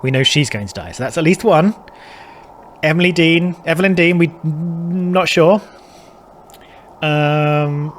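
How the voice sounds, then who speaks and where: A man's voice: medium pitch, fairly bright tone. A man talking his way through a game playthrough, muttering to himself, thinking aloud and dropping the odd casual swear. His voice sits in an ordinary middle register, with a faint hiss of background noise. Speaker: gaming channel host. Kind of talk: casual let's-play commentary.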